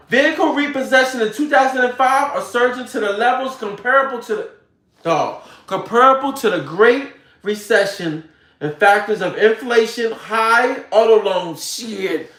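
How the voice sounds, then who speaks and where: Fired-up profane man ranting. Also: very high voice. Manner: animated, profane, slangy, addresses viewers directly. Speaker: online commentator. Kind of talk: ranting talk to viewers. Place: home room with a computer. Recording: roomy echo.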